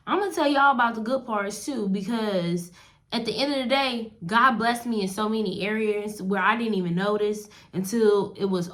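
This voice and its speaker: A woman telling viewers about her wedding in a casual testimony vlog. She talks straight to them in an animated way. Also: mid-range voice. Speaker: wedding advice vlogger.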